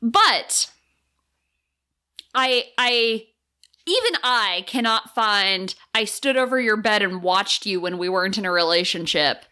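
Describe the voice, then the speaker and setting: A woman co-hosting a podcast in casual chat, animated and playful, drifting into tangents. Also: mid-range voice, takes it slowly, clear, resonant tone. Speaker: podcast co-host.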